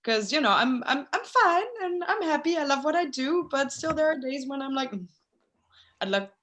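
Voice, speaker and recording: A woman's voice: sits high, animated, brisk. A woman moderating a question round on a video call, sounding moved. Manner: warm, moved. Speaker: event host.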